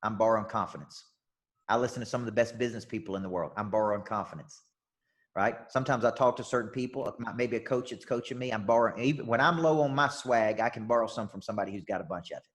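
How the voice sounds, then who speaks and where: A man's voice: on the low side, fast, a bit bright. A man with a Southern US accent giving an intense, upbeat motivational coaching talk, repeating key phrases and checking in with his listeners. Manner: emphatic and repetitive, checks in with "okay?" and "right?". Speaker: life and business coach. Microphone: online call session.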